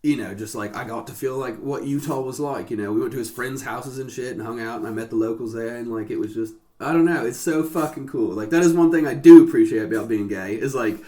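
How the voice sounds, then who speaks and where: A man in easy, casual conversation who spins loose, rambling anecdotes and swears freely. His voice sits at an ordinary middle pitch. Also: quick pace, hardly any pauses, mellow. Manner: profane, rambling storyteller. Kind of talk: casual chat.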